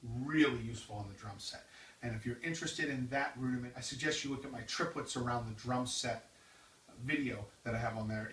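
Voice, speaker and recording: A man giving a drum lesson, explaining exercises and counting them off loudly. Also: medium pitch, heavy background noise. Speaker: drum teacher. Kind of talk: instructional demonstration. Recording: roomy, distant mic with loud drumming. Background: drums.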